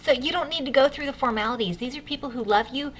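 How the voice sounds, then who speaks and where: A woman's voice: high voice, fast talker, slight background noise. A woman leading a sales training session for new consultants, upbeat and coaching, speaking straight to her listeners. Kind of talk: enthusiastic sales training talk.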